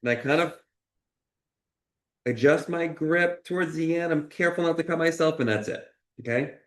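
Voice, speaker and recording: A man's voice: on the high side, normal speed, echoey room. A man chef teaching a cooking lesson, talking through each cut in an encouraging way and often checking in with "okay?". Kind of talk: cooking demonstration. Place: kitchen.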